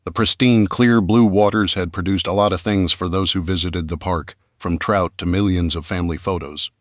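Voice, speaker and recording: A man narrates an audiobook in a steady, measured voice. His voice sits on the low side. The sound is dry and close, with no room to it. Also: no echo. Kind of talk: scripted narration.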